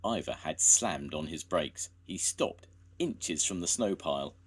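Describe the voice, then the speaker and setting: An older man, a grandfather, reading a children's story aloud in a slow, gentle way. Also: deep voice, lively intonation, breathy edge.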